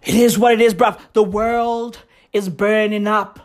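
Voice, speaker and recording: A woman comedian doing a profane stand-up rant with exaggerated outbursts and shouting. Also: medium pitch, little pitch movement, unhurried.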